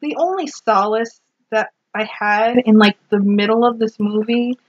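A woman's voice: fairly high pitch, unhurried. A woman co-hosting a podcast, casually and animatedly recapping a movie with lots of swearing and acted-out quotes. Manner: animated, sweary, quotes lines in exaggerated voices. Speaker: podcast co-host. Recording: dull lo-fi sound.

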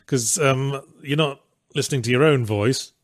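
A man's voice: mid-range voice, normal speed, no room sound. Man chatting, dry close sound. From Australia. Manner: relaxed, chatty, swears casually. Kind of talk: casual chat. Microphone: webcam and home mic in an office.

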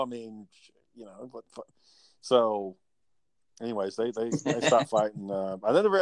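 A man's voice: lowish voice, darkish tone, no echo. Profane man telling family stories. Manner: rambling, profane, laughing. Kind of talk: casual storytelling chat.

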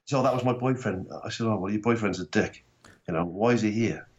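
A Welsh man telling rugby and comedy stories in casual chat, animated and swearing freely. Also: on the low side, a little fast, lo-fi sound. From Wales. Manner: animated storytelling, swearing, acting out quotes. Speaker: guest comedian.

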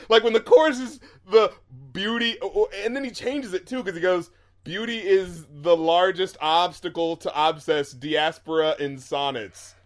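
A man's voice: high voice, normal speed. A man co-hosting a podcast, talking casually and animatedly, laughing often and swearing freely while he reacts to rap lyrics. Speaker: podcast co-host. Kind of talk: casual chat.

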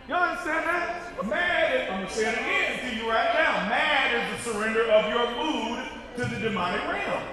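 High-voiced preacher in an echoing hall. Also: male voice, lively intonation, moderate pace, few pauses. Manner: call-and-response, repeating lines for the crowd; emphatic, rising to shouts. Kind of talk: sermon. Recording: echoey hall, mic far off, audience.

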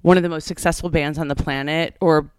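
A woman's voice: low-pitched, fairly even intonation, brisk, clear, resonant tone, no echo. A woman chatting as a podcast guest, rambling casually. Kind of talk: casual chat.

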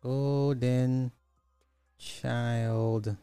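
A man's voice: mid-range voice, level tone, drawn-out words, mellow, clean tone, dry recording, faint music behind. A man hosting a podcast, giving casual, sarcastic commentary and thinking aloud as he looks up numbers. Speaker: podcast host.

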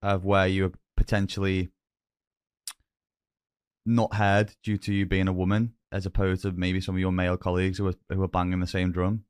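Male co-host, very deep and resonant, dry close mic, calm thoughtful questions. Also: normal speed, clean tone, no room sound. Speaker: podcast co-host. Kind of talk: conversational interview.

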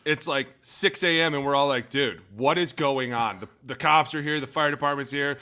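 A man co-hosting a casual football podcast, an animated storyteller who gets loud when acting out quotes. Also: mid-range voice, moderate pace, hardly any pauses, smooth. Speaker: podcast co-host, former NFL lineman. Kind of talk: casual sports chat. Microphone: home setup in front of drums.

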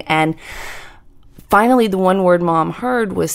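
A woman in her fifties telling a personal story in a measured, deliberate way, slowing down for emphasis. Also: on the low side, clean tone. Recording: music bed under the voice.

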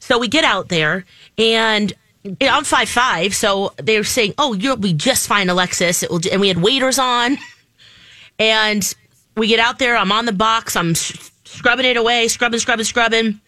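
A woman with a bright voice tells a story in a loose, rambling way. She laughs easily as she talks, and the recording is dry and close. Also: a little high, moderate pace, dry recording. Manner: chatty, rambling, laughs often. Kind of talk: casual storytelling.

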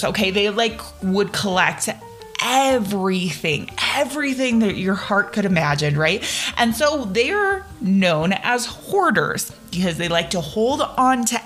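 A woman hosting a podcast for children, talking casually in a gushing, chatty way with quick asides. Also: medium pitch, fairly bright tone. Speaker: podcast host. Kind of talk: casual chat to young listeners.

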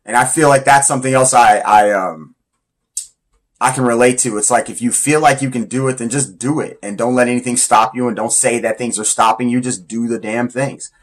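A man's voice: mid-range voice, fairly even intonation, a little fast. Man, casual countdown talk, slangy, rambling, enthusiastic. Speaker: Muay Thai fighter counting down his influences.

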